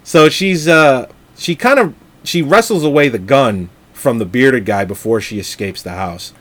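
Male podcast co-host: animated, swearing storyteller, casual film-review banter. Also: mid-range voice, unhurried. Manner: profane, rambling, retells scenes.

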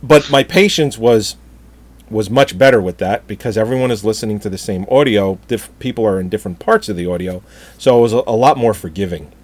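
A man's voice: on the low side, fairly quick. A middle-aged man telling an exasperated, profane story in casual chat, laughing at himself. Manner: animated, exasperated, swears often, laughs at own story.

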